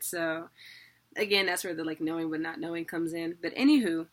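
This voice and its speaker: Bright-voiced chatty woman teaching. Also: on the low side, fairly quick. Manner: chatty, self-deprecating, laughs often. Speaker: online teacher. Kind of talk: casual video lesson.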